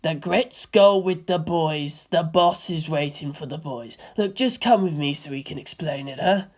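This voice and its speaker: A woman voicing a gruff, nervous teenage boy who mutters low and quiet. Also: a little slow. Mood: placating.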